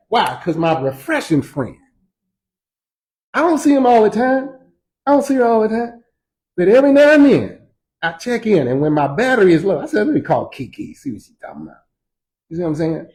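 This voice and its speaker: A man teaching Sunday school as pastor, in a lively, folksy preaching style full of slang and repetition, in a church. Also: high-pitched, moderate pace, poor audio.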